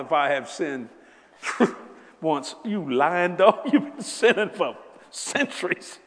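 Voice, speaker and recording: Older male preacher with a gravelly voice. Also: fairly high pitch. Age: 70s. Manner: storytelling, animated, humorous asides to the congregation. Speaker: pastor. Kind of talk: sermon. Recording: long hall reverb.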